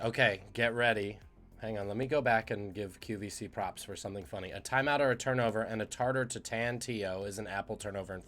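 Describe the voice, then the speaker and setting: A man's voice: lowish voice, a bit bright. A man hosting a live trivia stream, joking and reading out the chat's guesses. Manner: jokey, punning, reads chat aloud. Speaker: trivia quiz host.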